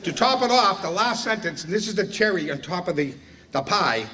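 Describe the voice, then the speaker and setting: At a retirement dinner in a banquet room, a man with a high, bright, pushed voice gives an animated, fairly quick speech full of jokes and anecdotes, acting out the quoted dialogue. A distant mic picks him up along with faint room noise.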